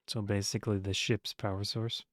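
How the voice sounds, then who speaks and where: A man's voice: fairly low pitch, level tone, moderate pace, no room sound, clean studio sound. A man playing a cleric in a tabletop game, chatting casually and thinking aloud. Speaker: player.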